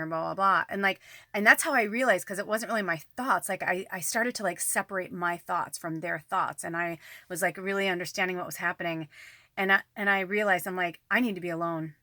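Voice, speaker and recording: Bright-voiced woman, rambling candid monologue. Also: fairly low pitch, a little fast, no room sound, clean studio sound. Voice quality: frequent swearing, rambling and emphatic. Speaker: psychic medium and channel host. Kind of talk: candid casual monologue to camera. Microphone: camera close to the face.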